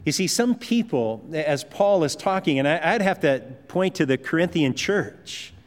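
Male pastor, conversational emphatic sermon delivery, slightly high voice, long hall reverb. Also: expressive, normal speed. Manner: conversational, emphatic preaching with asides.

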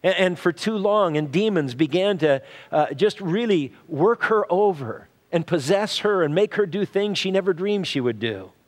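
Male pastor, somewhat higher-pitched voice, informal halting preaching style, long hall reverb. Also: expressive. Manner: conversational preaching with frequent fillers and restarts. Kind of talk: sermon.

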